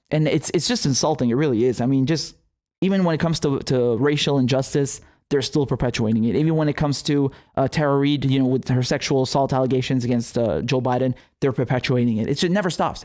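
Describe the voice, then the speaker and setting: A man's voice: medium pitch, fast, hardly any pauses, a little mellow. A young man hosting his own political commentary show, talking casually, sarcastic, swearing freely and laughing often.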